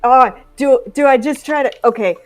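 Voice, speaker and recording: A woman's voice: sits high, normal speed, low-quality recording. A woman playing a tabletop game, hesitant and thinking aloud with many fillers. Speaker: player.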